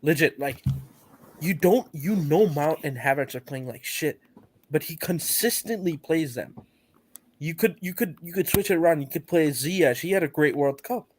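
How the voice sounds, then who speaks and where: A man with a fairly high voice argues football in a blunt, heated way, peppering his points with swearing. He talks in loose, casual chat with plenty of fillers. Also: normal speed, slight background noise. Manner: blunt, swearing, animated arguing. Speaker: panelist.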